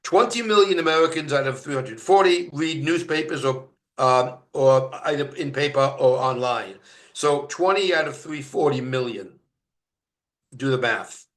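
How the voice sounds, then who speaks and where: A man from Canada giving a university lecture, halting with many fillers and restarts and stressing each word of a list. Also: medium pitch, fairly bright tone, echoey room. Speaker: guest lecturer. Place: lecture room.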